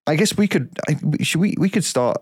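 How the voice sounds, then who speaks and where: A man's voice: fairly high pitch, expressive, fairly quick, husky, no echo, clean studio sound. A man co-hosting a podcast in casual chat, swearing freely and rambling through half-finished, self-correcting sentences. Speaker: podcast co-host.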